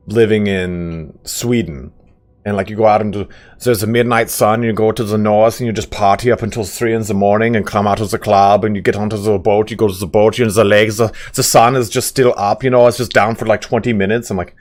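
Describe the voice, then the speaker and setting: A man in his thirties chatting casually while streaming a game, rambling and laughing often, swearing offhandedly. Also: fairly low pitch. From California. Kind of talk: casual chat while gaming.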